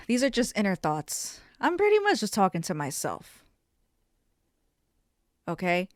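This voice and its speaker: Young woman, solo podcast host; chatty and foul-mouthed, mid-pitch, dry sound. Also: wildly swooping pitch, measured pace, no echo. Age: young adult. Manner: chatty, profane, self-mocking. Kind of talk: casual solo podcast chat.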